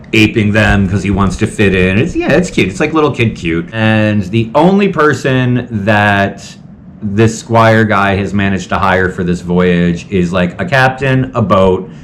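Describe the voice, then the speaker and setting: A man talks through a film recap in a loose, rambling way that is full of "like". His voice sits low. Faint hiss runs under it. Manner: chatty and rambling, heavy use of "like". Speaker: host. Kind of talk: casual film recap commentary.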